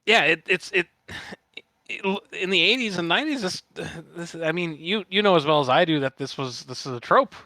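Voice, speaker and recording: A man with a Midwestern accent, co-hosting a casual podcast chat, halting and swearing casually. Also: high voice, animated, bright, forceful tone, no room sound. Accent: Midwestern American. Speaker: guest host.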